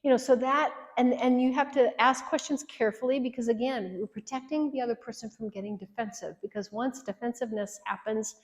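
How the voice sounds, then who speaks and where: A woman in her sixties giving an earnest marriage workshop talk, coaching and directly challenging her listeners. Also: medium pitch. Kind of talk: workshop teaching. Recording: echoey hall reverb.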